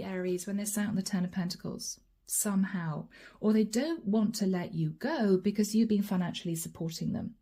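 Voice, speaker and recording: A woman reads tarot cards for her viewers in a soft, mellow voice and talks straight to the camera. She names each card as she turns it over and stops for sighs and small asides. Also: mid-range voice. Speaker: tarot reader. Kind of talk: channeled tarot reading.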